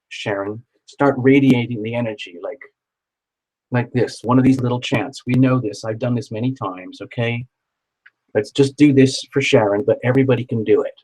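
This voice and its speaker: A man's voice: medium pitch, a little mellow, husky, low-quality recording. A man doing a live tarot reading, chatty and encouraging, who repeats words for emphasis. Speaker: tarot reader.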